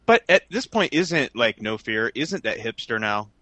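A male podcast co-host in casual comedic chat, riffing crudely and excitably. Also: mid-range voice, unhurried, dry recording.

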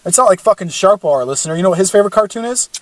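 A man's voice: high voice, animated, racing, no room sound. A young man hosting a crude, joking podcast, bantering and mocking himself. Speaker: podcast host.

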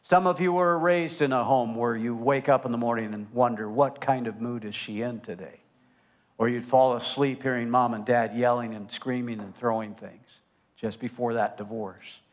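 An older man, grandfather of a toddler, preaching a sermon as pastor, animated and emphatic, swinging between loud emphasis and hushed asides. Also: mid-range voice, moderate pace.

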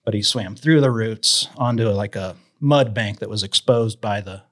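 A man's voice: fairly low pitch, normal speed. A man from Idaho, a guest, telling fishing stories casually and acting out the voices of people in them. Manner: animated storyteller acting out quotes. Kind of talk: casual storytelling.

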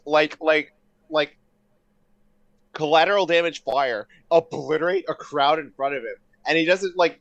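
A man in casual podcast chat, excitable and rambling, swearing often with lots of fillers. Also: a little high.

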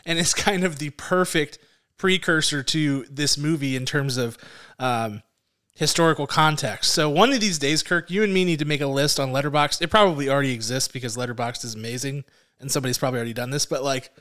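A man's voice: medium pitch, fairly quick, sharp tone, clean tone. A man co-hosting a movie review show in casual chat, upbeat and chatty, often laughing between phrases.

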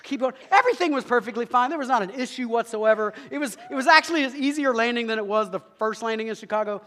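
A man telling a humorous story in a sermon, animated and quick, with asides to the audience. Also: sits high. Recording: long hall reverb.

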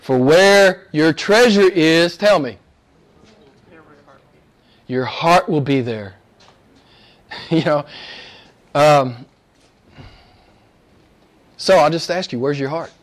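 High-voiced preacher with big swings. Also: male voice, very slow, pauses often. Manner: conversational, rhetorical questions, repeats himself for emphasis; swings from quiet and low to loud, high and excited. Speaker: pastor. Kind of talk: sermon.

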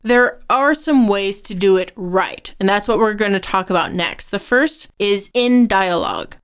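A woman co-hosting a writing-advice podcast, explaining points in a measured, instructive way. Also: mid-range voice, clean tone. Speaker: podcast co-host.

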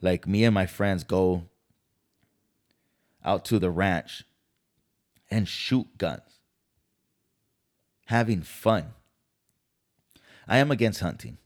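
A man's voice: sits low, takes it slowly, pauses often. Heated, profane man ranting. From California. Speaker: podcast host. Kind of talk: casual commentary.

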